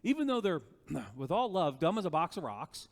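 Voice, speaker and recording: Guy preaching, chatty and animated, keeps asking "right?", voice rings in a big reverby room. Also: fairly high pitch, moderate pace. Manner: animated, conversational preaching with frequent "right?" and rhetorical questions. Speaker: pastor. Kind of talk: sermon.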